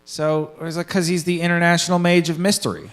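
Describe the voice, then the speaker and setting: A man's voice: a little high, level tone, fast talker. A young man in his twenties co-hosting a podcast, rambling through gaming stories with casual swearing and acted-out quotes. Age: 20s. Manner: rambling storyteller, swears freely, acts out quoted people. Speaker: podcast co-host. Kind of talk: casual chat.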